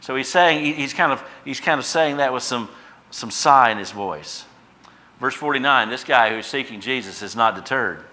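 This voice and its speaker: Male pastor, bright and forceful tone, impassioned sermon delivery with chatty asides. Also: mid-range voice, lively intonation, normal speed. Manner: impassioned preaching, swells loud on repeated phrases then drops quiet; conversational asides to the congregation.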